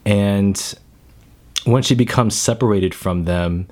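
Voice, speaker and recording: A man with a somewhat low voice talks through a casual film review. He stammers, restarts his sentences and repeats words as he gets emotional about the film. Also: slow pace, a little mellow.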